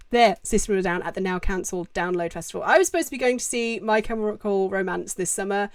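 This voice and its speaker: A woman's voice: medium pitch, no room sound, clean studio sound. A young woman chatting casually on a live-stream Q&A at home, rambling through viewer questions with lots of fillers into a desk microphone.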